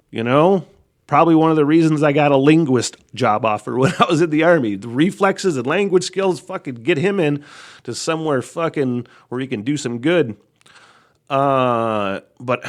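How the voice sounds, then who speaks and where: Profane rambling man, solo podcast. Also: medium pitch. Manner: profane, rambling, laughs often; animated storytelling. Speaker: podcast host.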